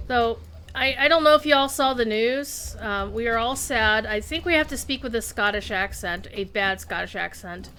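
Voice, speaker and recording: A woman's voice: fairly high pitch, moderate pace, pushed and bright, slight background noise. A woman streaming a game live, chatting loosely with viewers and rambling between tasks. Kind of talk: casual live-stream chat while gaming.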